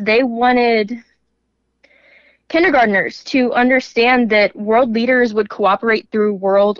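Brisk female correspondent on dull remote audio. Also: mid-range voice, no room sound. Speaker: news correspondent. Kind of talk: guest explaining her reporting.

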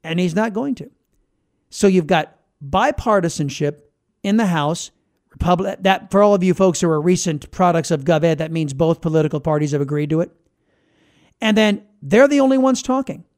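A man's voice: high-pitched, expressive, moderate pace, darkish tone. A man hosting a political podcast, talking in a combative, sarcastic, emphatic way. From United States. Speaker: podcast host. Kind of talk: opinionated political talk.

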